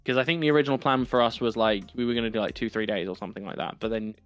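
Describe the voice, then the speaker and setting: A man's voice: mid-range voice, rapid-fire, fairly bright tone, clear, resonant tone, no room sound, soft background music. Young East London man, sweary and rambling, podcast co-host, dry close mic. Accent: London East End. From England. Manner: rambling, profane, frequent ums and restarts. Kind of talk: casual chat.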